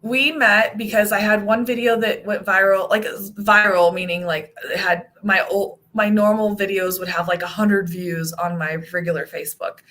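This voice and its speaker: Bright, animated American woman vlogger. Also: normal speed, hardly any pauses. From United States. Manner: animated storyteller, acts out quotes in a high voice. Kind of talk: casual chat.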